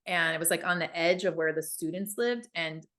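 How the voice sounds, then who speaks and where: Bright-voiced woman telling a story. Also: fairly low pitch, brisk. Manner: animated, acts out quoted voices. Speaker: podcast co-host. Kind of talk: casual storytelling chat.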